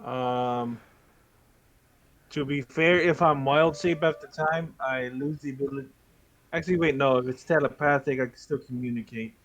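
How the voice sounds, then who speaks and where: A man's voice: mid-range voice, moderate pace, a bit bright, highs cut off. A man playing a tabletop game, thinking aloud and correcting himself. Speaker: player. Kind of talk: casual chat.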